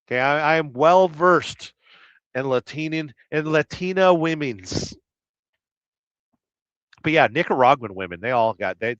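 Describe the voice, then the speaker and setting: Rambling middle-aged man, crude and smooth-voiced. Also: mid-range voice, fairly bright tone, no room sound. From Southern California. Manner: rambling and crude, hums nonsense syllables between comments. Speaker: truck driver live-streamer. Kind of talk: casual live-stream chat reading viewer comments. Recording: slightly dull lo-fi sound.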